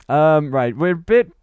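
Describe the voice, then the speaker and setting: A man's voice: on the high side, clear, resonant tone, no room sound, phone-quality sound. A man from Wales, chatting and laughing through a gaming livestream while reading his chat. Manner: chatty, laughs often, reads chat aloud. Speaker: streamer.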